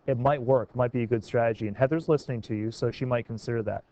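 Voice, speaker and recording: A man's voice: medium pitch, fast talker, dark tone, no room sound. Man teaching a classroom, dull recording. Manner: encouraging, questioning students by name.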